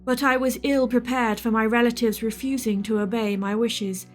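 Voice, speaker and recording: A woman's voice: on the high side, steady tone, moderate pace, faint music behind, natural voice. A woman voicing the ghost of a refined, formal woman in an old nightgown, speaking with an English accent and pleading for help.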